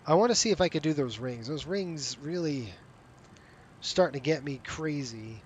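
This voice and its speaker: Relaxed, rambling man chatting to viewers. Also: fairly high pitch, moderate pace, slight background noise. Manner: rambling, self-interrupting, talks to viewers as "you guys". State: tired, yawning. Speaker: flight sim streamer running a virtual airline. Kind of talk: casual live-stream chat over gameplay.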